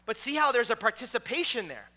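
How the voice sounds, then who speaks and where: Bright-voiced, high-pitched male pastor. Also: big pitch swings, fast. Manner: conversational storytelling with many filler words. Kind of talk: sermon.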